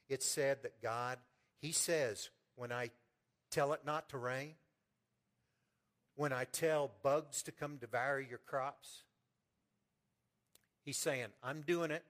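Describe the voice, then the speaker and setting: A man preaching a sermon in a folksy way, repeating words and swinging from loud fervent peaks to quiet storytelling. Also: medium pitch, measured pace. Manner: preaching with rising fervor, then soft storytelling. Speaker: pastor.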